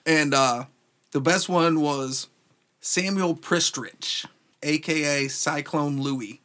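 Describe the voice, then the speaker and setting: A man's voice: a little high, takes it slowly, bright, forceful tone. A man co-hosting a casual podcast chat, rambling, laughing often and swearing a lot. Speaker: podcast co-host.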